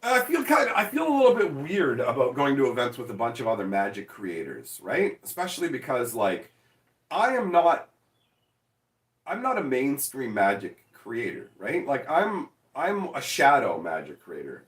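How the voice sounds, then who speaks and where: Casting: forty-something male streamer, bright edge, swearing and excitable, roomy sound set back from the mic. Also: mid-range voice, moderate pace, far from the mic. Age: 40s. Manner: profane, excitable, self-mocking. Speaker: streamer answering chat. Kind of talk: casual livestream chat.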